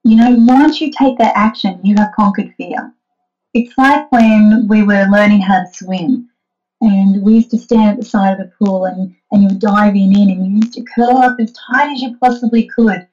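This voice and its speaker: A woman's voice: medium pitch, moderate pace, darkish tone. Brief: earnest woman guest, upbeat coaching tone, muffled remote-call sound. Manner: earnest, encouraging, acts out quoted thoughts. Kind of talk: interview conversation.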